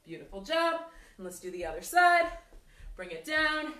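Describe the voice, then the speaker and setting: High-voiced woman coaching a workout. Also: normal speed. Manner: energetic, encouraging, counts down reps. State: a little out of breath. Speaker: fitness instructor. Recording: echoey room, mic at a distance.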